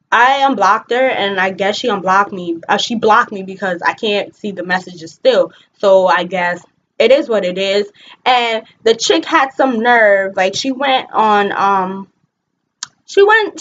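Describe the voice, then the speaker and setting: A young woman talking casually to the camera, telling a story in a lively way, full of fillers like "like" and "you know," and acting out what others said. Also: a little high, muffled recording, a little hiss or hum. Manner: animated, frequent fillers, voices others in quotes. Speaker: vlogger.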